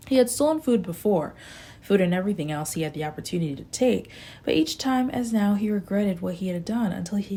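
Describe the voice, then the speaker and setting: A woman narrating an audiobook in a steady, unhurried amateur reading. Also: on the low side, gravelly, slight background noise. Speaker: audiobook reader.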